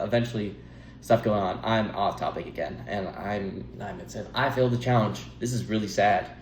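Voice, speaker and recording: A young man giving rambling, earnest advice to camera, breaking off to laugh at himself and drift off topic. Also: mid-range voice. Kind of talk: rambling casual monologue to camera. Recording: echoey room.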